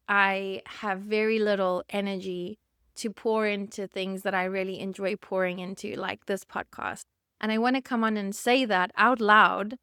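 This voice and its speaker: A woman's voice: mid-range voice, clear, resonant tone, no echo, studio quality. A woman in her thirties, hosting a podcast alone, speaking candidly and getting choked up with emotion. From South Africa. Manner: candid, emotional, laughs softly. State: choked up, near tears. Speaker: podcast host and therapist. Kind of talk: personal monologue podcast.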